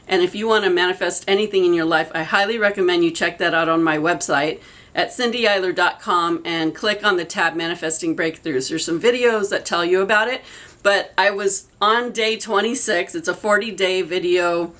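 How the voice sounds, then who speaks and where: A woman's voice: fairly low pitch, normal speed, fairly bright tone. Earnest middle-aged woman healer. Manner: earnest, personal, rambling with fillers. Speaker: energy healer. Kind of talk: casual spiritual talk to camera.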